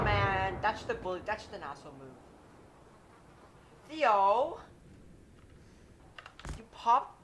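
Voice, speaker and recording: A woman chatting casually while gaming with friends, given to whiny protests and sudden yells. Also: medium pitch, sing-song, takes it slowly, pauses often, background noise. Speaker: gamer streaming with friends.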